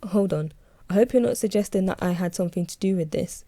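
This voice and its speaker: A woman reading aloud as a calm, reassuring male office boss, speaking in a measured, patient way. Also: high-pitched, dry recording.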